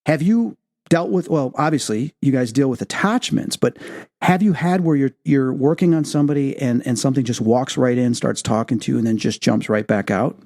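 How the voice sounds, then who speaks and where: A man hosting a talk radio show, telling personal stories in an animated way and acting out quoted speech. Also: medium pitch, a little fast. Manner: animated storyteller, acts out quotes. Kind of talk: interview and personal storytelling.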